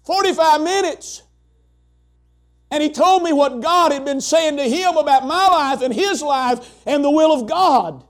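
Man, middle-aged pastor, very high voice, sermon, shouts then hushes, lots of "uh". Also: measured pace. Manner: swings between shouted preaching and quiet storytelling, frequent "uh".

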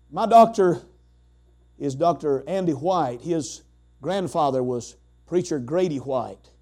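A middle-aged man preaching a sermon, moving between shouted preaching and quiet storytelling, with frequent "uh" fillers. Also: on the high side. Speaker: pastor.

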